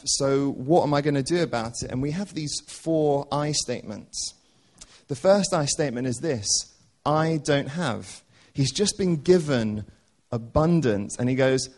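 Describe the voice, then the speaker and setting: A young man preaching a casual, earnest church sermon, with many ums and restarts. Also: medium pitch.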